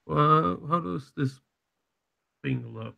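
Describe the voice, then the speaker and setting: A man's voice: a little high, slow, creaky, dull audio. A man taking part as a player in a tabletop game, asking probing questions. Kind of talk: tabletop role-play chat.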